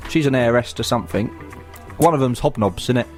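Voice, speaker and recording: A man's voice: mid-range voice, fairly quick, soft background music. A man co-hosting a community radio comedy show, rambling through newspaper stories and tripping over words. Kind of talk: casual radio banter.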